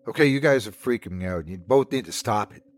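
A man's voice: lowish voice, expressive, measured pace. A man playing a snappish young woman driver. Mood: snapping. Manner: exasperated, sharp-tongued.

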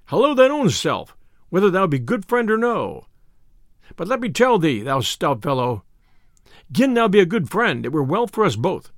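A man voicing a boastful, quick-tempered tinker who blusters in old-fashioned speech, read in a storybook telling. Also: high voice, big pitch swings, dry recording, studio quality. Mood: blustering. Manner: blustering, loud archaic speech.

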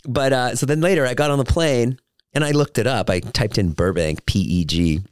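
A man's voice: medium pitch, normal speed, darkish tone, clean tone, dry recording, studio quality. A man hosting a solo podcast, telling joking, rambling anecdotes with lots of fillers and restarts. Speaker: podcast host.

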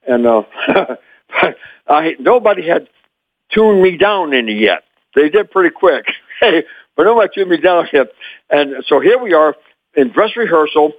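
An older man from Memphis, Tennessee, telling animated stories as an interview guest and chuckling often. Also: on the high side, unhurried, no echo, narrow, tinny audio. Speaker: guest, former child actor. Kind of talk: anecdotal storytelling.

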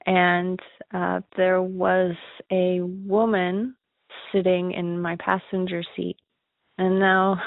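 A caller with a mid-range, vocal-fried voice earnestly tells of her own ghost encounter, laughing nervously as she goes. It's emotional personal storytelling, heard over a tinny, dry phone line.

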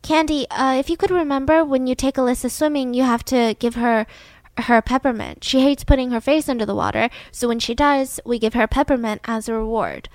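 A woman's voice: fairly high pitch, steady tone, a little fast, no room sound, close to an everyday voice. A woman voicing an overwhelmed, distracted young mother who talks in a weary, rambling way. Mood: earnest.

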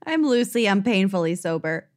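A woman, co-hosting a podcast in casual chat. She makes dry, deadpan remarks. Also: mid-range voice, normal speed. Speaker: podcast co-host.

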